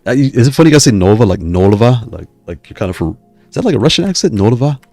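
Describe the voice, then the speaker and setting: A man's voice: mid-range voice, sing-song, racing, creaky, darkish tone, slightly rough, dry recording, soft background music. A man hosting a live stream, chatting casually with viewers in a rambling way, often stopping himself mid-sentence. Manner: rambling, self-interrupting, digressive. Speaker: YouTube host reading live chat.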